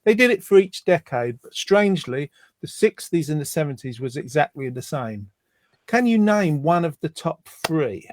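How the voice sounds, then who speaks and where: A man's voice: on the high side, very animated, normal speed, dry recording. A man from the UK hosting a casual chat show, jokey and rambling. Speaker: host.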